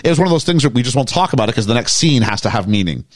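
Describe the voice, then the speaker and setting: A man chatting about a film in a loose, joking way, his pitch bouncing around a lot. He rambles with plenty of fillers and asides. The sound is close and dry. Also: animated, very fast, no echo. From United Kingdom. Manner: rambling, jokey, many fillers. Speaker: podcast host. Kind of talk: casual movie discussion.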